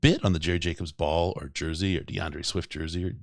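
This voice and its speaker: A man's voice: low voice, fairly even intonation, a little fast, dry recording, clean studio sound. A man hosting a casual sports podcast, rambling and joking and laughing often. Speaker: podcast host.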